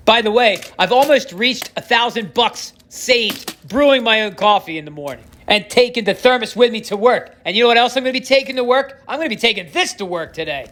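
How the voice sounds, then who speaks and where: A man's voice: high-pitched, sharp tone. Dry-humored man hosting a vlog. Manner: dry self-mocking humor. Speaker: host of a stacking channel. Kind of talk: casual unboxing vlog chat.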